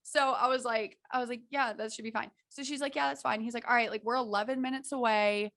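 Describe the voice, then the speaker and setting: A woman's voice: fairly high pitch, quick pace. A young woman in her twenties co-hosting a podcast, telling a story with lots of laughter and acted-out quotes. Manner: animated storyteller, laughs often, acts out quotes. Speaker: podcast co-host. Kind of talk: casual chat, storytelling.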